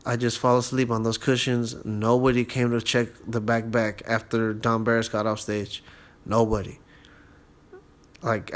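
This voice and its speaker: A young man riffing through a story on his own podcast, swearing constantly and loose in his delivery. His voice sits at a middling pitch, and he jumps up loud when he acts out other people or rants. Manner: profane, animated storyteller who acts out dialogue in a raised voice. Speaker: podcast host. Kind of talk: casual storytelling monologue.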